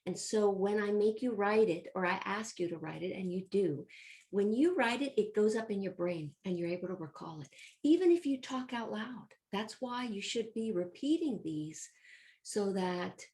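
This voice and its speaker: A woman's voice: mid-range voice, lively intonation, moderate pace, darkish tone. Upbeat woman teaching Latin to children. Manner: upbeat, encouraging, addresses children directly; chants word forms in rhythm. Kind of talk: recorded homeschool lesson review.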